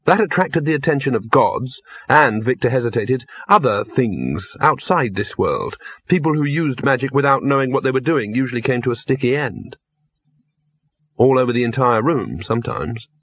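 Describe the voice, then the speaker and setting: A man narrating a fantasy audiobook in a measured, wry storytelling manner. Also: mid-range voice, expressive, fairly bright tone, slightly rough. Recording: dull lo-fi dry studio recording.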